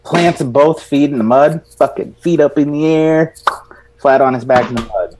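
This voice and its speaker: A man's voice: on the high side, moderate pace, a little mellow, a little hiss or hum, rough recording. A man hosting a casual live group chat, telling profane, jokey stories. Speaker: host of a live vaping show.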